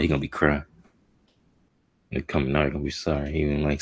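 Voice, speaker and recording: A man's voice: very deep voice, fairly even intonation, fast. A man streaming a live reaction to a comic chapter. He talks casually and emotionally in slang, muttering to himself as he reads.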